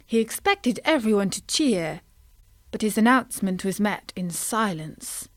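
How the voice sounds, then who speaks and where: Woman storyteller, slow and lively delivery, dry close sound. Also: medium pitch, no room sound. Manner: gentle and expressive. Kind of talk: children's story narration.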